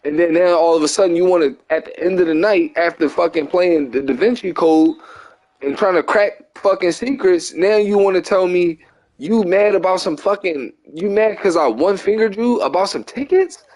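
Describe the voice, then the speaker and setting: Young philly guy ranting a story over gameplay, kinda high voice, cussing, rambling. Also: moderate pace. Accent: Philadelphia. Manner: profane, rambling, animated venting with frequent "you get what I'm saying". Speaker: gaming channel host.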